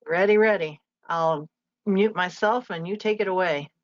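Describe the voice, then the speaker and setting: A woman with a lowish voice hosts a live webinar over a video call. She talks in a chatty way and reads long introductions with small asides. The audio is dry and muffled, like lo-fi web call sound. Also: normal speed, dry recording. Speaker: webinar host.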